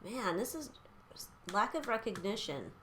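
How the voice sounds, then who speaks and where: A woman's voice: medium pitch, very animated, measured pace, bright, forceful tone, a little hiss or hum. A young woman giving a casual tarot reading, chatty and blunt, swearing freely and using lots of fillers. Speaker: tarot reader.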